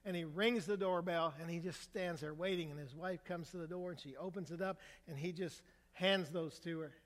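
An older male pastor preaching a sermon in a relaxed, storytelling way, with humor, asking the congregation questions. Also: on the high side, normal speed, in a large hall. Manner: conversational storytelling with humor, asks the crowd for a show of hands. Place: church sanctuary.

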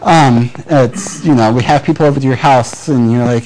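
A man's voice: mid-range voice, normal speed, a little mellow, low-quality recording. A man from Michigan with a Midwestern American accent, preaching a sermon in a conversational way and acting out little everyday dialogues. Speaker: pastor.

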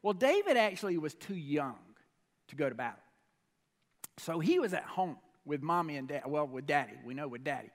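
A man preaching a sermon, telling a story with animated delivery and frequent questions to the congregation. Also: on the high side, moderate pace, big-room sound. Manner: animated storytelling, asks the audience questions, swings pace and volume.

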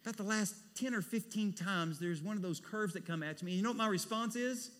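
Male pastor, animated sermon delivery, bright tone, church hall echo. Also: high voice, brisk, few pauses. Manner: animated preacher, swings from hushed to loud. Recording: long hall reverb.

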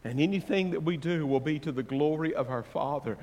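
A man's voice: fairly high pitch, brisk. Preaching man in a reverberant hall. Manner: swings between loud preaching and quiet counsel; playful asides to the congregation. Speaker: pastor. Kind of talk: sermon.

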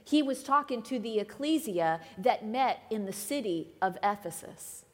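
A woman guest preacher delivering a conversational sermon, swinging between emphatic lines and hushed asides. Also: a little high, expressive, normal speed. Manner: conversational, dramatic shifts between loud and hushed. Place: church sanctuary. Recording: long hall reverb.

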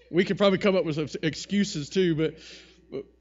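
A man preaching a conversational sermon, with wry asides and lively retellings of the text. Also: fairly high pitch, moderate pace, lo-fi sound. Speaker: pastor.

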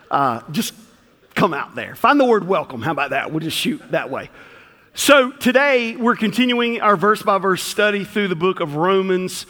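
A man's voice: high voice, expressive, moderate pace, sharp tone, in a large hall. A man with a Southern accent preaching a sermon to his church, folksy and joking as he teaches. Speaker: pastor. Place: church sanctuary.

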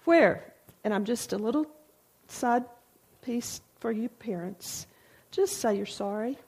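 Husky, gravelly older woman telling stories. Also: on the high side, expressive, slow, darkish tone. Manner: folksy storytelling with frequent asides. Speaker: speaker sharing testimony. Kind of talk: informal devotional talk.

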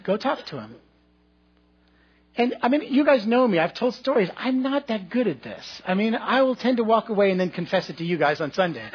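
A man's voice: high voice, slightly rough, lo-fi sound. A man preaching a sermon to his congregation, telling a personal story in a conversational, humorous way with asides to the listeners. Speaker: pastor.

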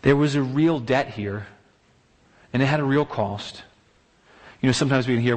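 A man's voice: mid-range voice, normal speed. A man preaching a sermon, emphatic, piling up repeated rhetorical exclamations. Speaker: pastor. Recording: long hall reverb.

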